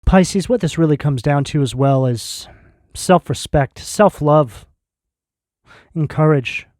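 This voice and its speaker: A man giving a tarot reading video, speaking in slow, emphatic, intense declarations. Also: a little high, a little mellow, dry recording, clean studio sound. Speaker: tarot reader.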